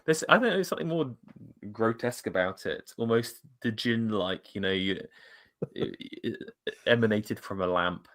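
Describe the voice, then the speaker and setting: A man with a bright, forceful voice chats casually over a video call. He stumbles and repeats his words as he reacts to adverts, laughing often. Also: fairly low pitch, animated, moderate pace. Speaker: podcast co-host.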